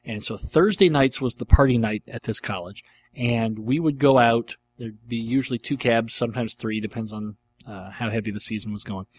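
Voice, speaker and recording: A man's voice: medium pitch, normal speed, breathy edge. A middle-aged man hosting a casual question-and-answer show, rambling and enthusiastic, with many ums and uhs. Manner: rambling and enthusiastic, with frequent fillers. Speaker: podcast host answering listener questions. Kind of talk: casual chat.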